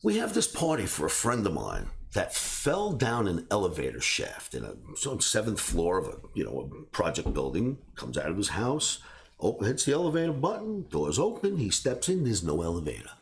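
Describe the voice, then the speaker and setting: Gravelly, animated male storyteller. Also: fairly low pitch, normal speed. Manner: animated, laughs through his own stories. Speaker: trading academy host. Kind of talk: casual personal storytelling.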